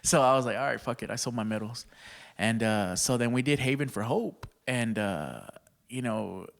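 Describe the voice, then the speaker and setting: A man's voice: medium pitch, moderate pace, creaky. A man from Texas, a stand-up comedian, telling stories casually on a podcast in profane slang and laughing often.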